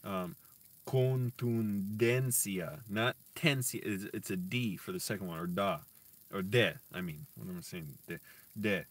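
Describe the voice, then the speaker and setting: A man teaching himself Spanish on a casual stream, slowly sounding out words and correcting himself, with chatty asides to viewers. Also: low voice, a bit bright, husky, distant mic. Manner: slow deliberate sounding-out of words, self-correcting. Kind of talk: casual live-stream language practice.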